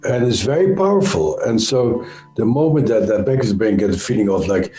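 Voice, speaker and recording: A man with a Dutch accent, an interview guest explaining ideas in a thoughtful, halting way with frequent pauses and self-corrections. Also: mid-range voice, lively intonation, warm tone, roomy sound, faint music behind. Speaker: interview guest, trauma expert. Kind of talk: conversational explanation.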